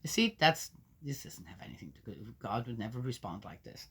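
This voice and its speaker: A woman with an extremely low voice reads scripture aloud, very animated and brisk with a breathy edge. She reads loudly but keeps interrupting herself with doubting, argumentative comments that drop to a mutter.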